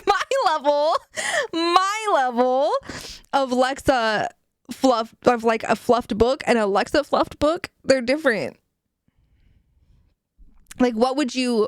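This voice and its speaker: A woman's voice: on the high side, dry recording, studio quality. A woman streamer chatting casually with her viewers, giggly and playful, with casual swearing.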